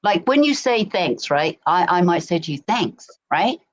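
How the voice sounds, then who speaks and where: A woman's voice: fairly low pitch, big pitch swings, moderate pace. A woman from chatting as a guest on a home live stream, telling stories and often asking "do you know what I mean", with no external mic. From England, Berkshire. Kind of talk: casual chat. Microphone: no external mic plugged in.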